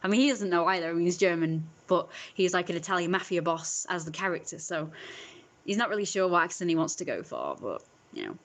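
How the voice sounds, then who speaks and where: Rambling, chatty woman, low-ish voice. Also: sing-song, brisk. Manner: rambling, chatty, many fillers and restarts. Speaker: streamer chatting with viewers. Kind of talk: casual chat.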